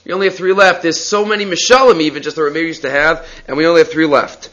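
Animated, bright-voiced male Talmud teacher. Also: a little high, fast. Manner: animated storyteller, acts out quotes, frequent restarts. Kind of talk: lively text study lecture. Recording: slightly dull lo-fi audio.

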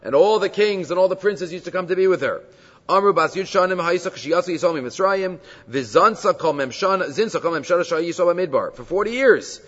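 A man's voice: high voice, lively intonation, a little fast, fairly bright tone. A man teaching a Talmud class, explaining texts, dropping Hebrew terms into his English and checking in with frequent rhetorical questions. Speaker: Torah teacher. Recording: dull lo-fi sound with long hall reverb.

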